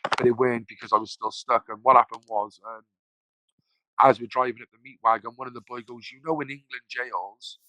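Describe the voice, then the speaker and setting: A man's voice: medium pitch, steady tone, fairly quick, pushed and bright, no room sound, poor audio. A man, a podcast guest telling his story casually, rambling, swearing freely and acting out the voices of people he quotes.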